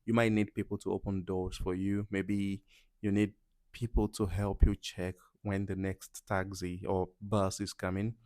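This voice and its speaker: A young man from Nigeria, casually teaching travel phrases to camera in an animated, playful way with loud acted-out reactions. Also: sits low, unhurried, no room sound, clean studio sound. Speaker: language teacher.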